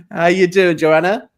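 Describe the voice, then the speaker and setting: An English man hosts a live online show. He is chatty and upbeat, with plenty of ums as he talks. His voice sits a little high. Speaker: host.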